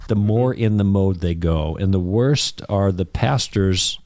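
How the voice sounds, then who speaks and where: A man's voice: sits low, unhurried, a little mellow, no echo. A man who is a guest on a podcast, chatting casually in a studio and telling stories, sometimes mimicking other people's voices. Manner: storytelling, slips into mimicking voices for jokes. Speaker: podcast guest, Christian apologist. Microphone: studio microphone.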